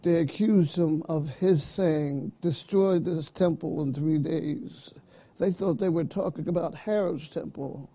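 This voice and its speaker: A man preaching a sermon, slow and emphatic, calling out to his listeners. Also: on the high side, warm tone. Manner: slow, emphatic preaching with call-outs to the congregation.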